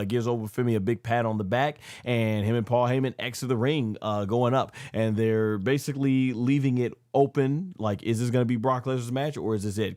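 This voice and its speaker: A man's voice: mid-range voice, no echo, clean studio sound. A man hosting a review channel, giving a casual, rambling spoken recap and often correcting himself mid-sentence. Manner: rambling, self-correcting storyteller. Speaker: wrestling review channel host.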